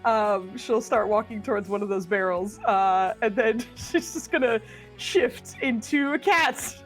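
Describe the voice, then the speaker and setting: A woman's voice: medium pitch, a little slow, faint music behind. A woman playing a tabletop game in casual chat, giggly and laughing often. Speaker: player.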